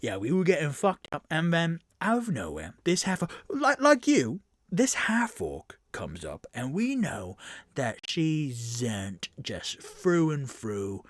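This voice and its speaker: A man's voice: medium pitch, no echo, studio quality, exaggerated voice. A man voicing a coarse, foul-mouthed male bandit leader in a solo tabletop game, rambling through a stream of complaints. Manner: swears constantly, rambling grievance.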